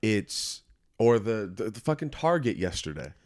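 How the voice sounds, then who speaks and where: Reflective low-voiced man guest. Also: big pitch swings. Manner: reflective, halting, restarts often. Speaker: podcast guest. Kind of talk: casual conversation.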